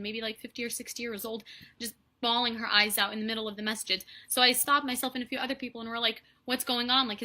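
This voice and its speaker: A woman's voice: a little high, bright, forceful tone. A young woman vlogging, telling a personal story in a heated, indignant way and filling her speech with "like". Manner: indignant, heated, heavy on "like" fillers.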